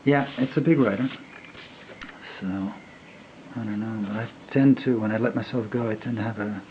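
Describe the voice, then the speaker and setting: A man's voice: fairly low pitch, fairly even intonation, slight background noise. Rambling middle-aged man, muffled lo-fi. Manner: rambling, halting, many fillers, drifts to a mutter while writing. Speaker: pen reviewer. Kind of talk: casual unboxing and writing test.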